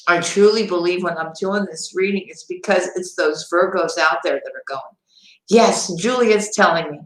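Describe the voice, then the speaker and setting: A woman's voice: on the low side, normal speed. Woman tarot reader, chatty live-stream host, laughs often, echoey room. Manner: chatty, laughs often, addresses viewers directly.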